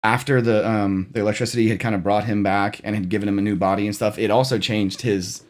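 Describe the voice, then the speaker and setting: Low-voiced man in rambling chat. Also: fast talker. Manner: relaxed, rambling with many fillers and restarts. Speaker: channel host. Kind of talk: casual movie discussion.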